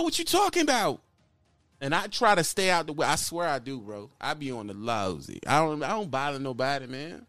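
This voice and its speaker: Bright-toned and sitting high, a man's voice delivers a blunt, mocking rant aimed at a fellow trucker YouTuber, insults repeated endlessly. No room sound is audible.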